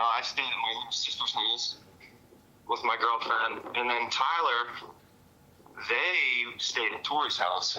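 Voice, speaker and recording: A man's voice: mid-range voice, pushed and bright, poor audio. A man recounting events to police in a rambling, casual way, full of fillers and cussing. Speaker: witness interviewed by police.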